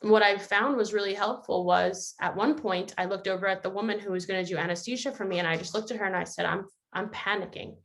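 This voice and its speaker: A woman's voice: mid-range voice, fairly even intonation, fast talker, few pauses, fairly bright tone. A woman hosting a family video call, talking earnestly and reflectively, and sometimes acting out quotes. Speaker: host. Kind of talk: casual reflective talk.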